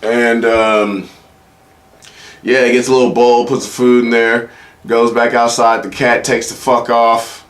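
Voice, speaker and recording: A man's voice: mid-range voice, level tone, unhurried. A young man, a comedian, casually telling profane anecdotes on a solo podcast and slipping into quoted voices.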